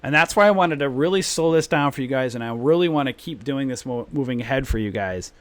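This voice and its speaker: A man's voice: mid-range voice, lively intonation, fast, no echo. Emphatic ranting male stream host. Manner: emphatic, ranting, repeats his points. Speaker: trading room host. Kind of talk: live stream trading talk.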